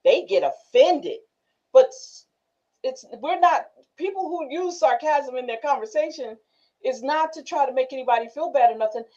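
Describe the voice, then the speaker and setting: Woman host chatting with a group, bouncy high-ish voice, dull muffled sound. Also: moderate pace. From northern United States. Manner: laughing, animated storytelling. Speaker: class host. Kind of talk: casual group discussion. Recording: muffled lo-fi recording.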